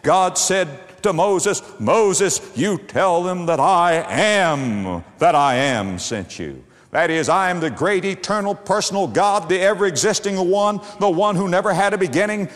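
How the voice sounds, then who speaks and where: A man's voice: a little high, lively intonation, moderate pace, a bit bright. A man preaching a sermon, building phrases with dramatic rises and drops and repeating key words for emphasis. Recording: long hall reverb.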